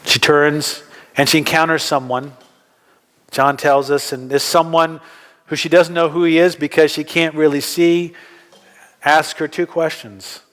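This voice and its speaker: Male pastor preaching, kinda higher voice, chatty with questions, long church reverb. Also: little pitch movement, unhurried, a bit bright. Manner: conversational, asks the congregation questions. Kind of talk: sermon. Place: church hall.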